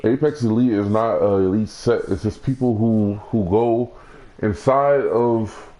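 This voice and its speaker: A man's voice: on the low side, measured pace, dark tone, rough recording. A young man talking casually about a video game he plays, rambling with many restarts and fillers. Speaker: gaming streamer. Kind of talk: casual gaming commentary.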